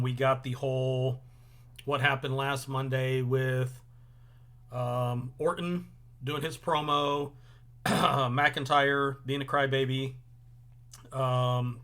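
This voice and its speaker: A young man hosting a casual review show, relaxed and rambling with lots of ums. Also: mid-range voice, clear, resonant tone. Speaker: host. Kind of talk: casual chat.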